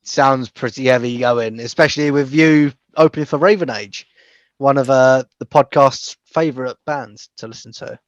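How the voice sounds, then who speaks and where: Dry-sounding podcast co-host. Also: male voice, medium pitch, moderate pace, no echo, highs cut off. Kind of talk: casual interview.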